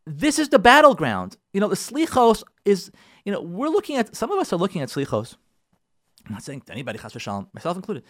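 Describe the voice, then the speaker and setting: A rabbi giving a Torah class, animated, acting out pleading prayers and mixing Hebrew terms into his English. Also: sits high, fast talker, dry recording, clean studio sound.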